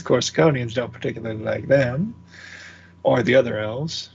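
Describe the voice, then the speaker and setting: A man's voice: medium pitch, moderate pace, gravelly, darkish tone, muffled recording, slight background noise. A man playing in a tabletop game, chatting casually and trailing off mid-sentence. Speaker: player. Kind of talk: casual chat in character and out.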